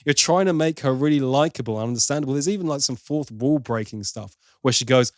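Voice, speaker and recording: A man's voice: mid-range voice, fast, few pauses, dry recording, clean studio sound. A man hosting a film review podcast, giving opinionated, wry critique in casual chat with plenty of asides.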